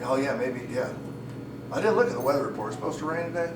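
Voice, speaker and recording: A man performing live improv comedy, animated and laughing, with some swearing. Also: mid-range voice, fast talker. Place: stage at a comedy festival. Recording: roomy, distant mic, loud crowd noise.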